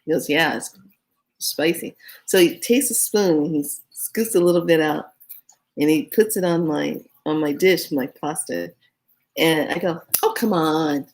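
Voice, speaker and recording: Woman vlogger, low-pitched, chatty storyteller, earnest about manifestation. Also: a little slow. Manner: animated storytelling, acts out her own reactions; earnest advice on energy and manifestation. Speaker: spiritual vlogger. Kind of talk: casual storytelling monologue.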